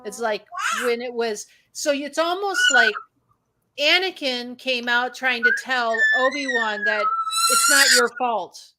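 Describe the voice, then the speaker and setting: A woman co-hosting a casual fan discussion, enthusiastic and talking in quick bursts over the others. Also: on the high side, noisy background. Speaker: co-host.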